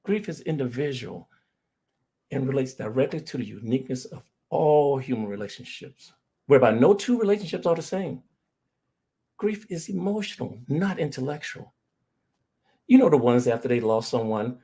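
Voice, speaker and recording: A middle-aged man with a husky voice gives an earnest talk on grief. He speaks straight to his audience and weaves in personal stories. His pitch sits in a plain middle range. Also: expressive, normal speed, dark tone. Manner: earnest storytelling, addresses audience directly. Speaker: grief recovery specialist.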